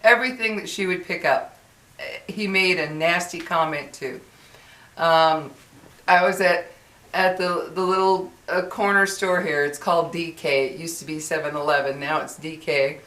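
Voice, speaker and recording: Woman vlogger, chatty and exasperated, bright voice, echoey room. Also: fairly low pitch, fairly even intonation, normal speed. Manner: chatty, exasperated, many fillers and restarts. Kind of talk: casual venting monologue.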